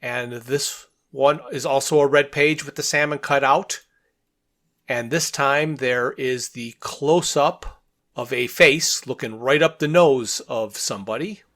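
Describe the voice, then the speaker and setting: Slow-talking man with dry asides. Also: mid-range voice, a bit bright. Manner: dry, wry asides while reading along. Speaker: podcast co-host. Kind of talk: casual comic book discussion.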